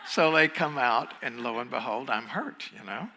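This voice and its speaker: A man giving a dharma talk as a meditation teacher, telling a personal story in a conversational way, chuckling now and then and dropping to a hushed tone for emphasis. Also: medium pitch, moderate pace, creaky, few pauses, big-room sound, a little hiss or hum.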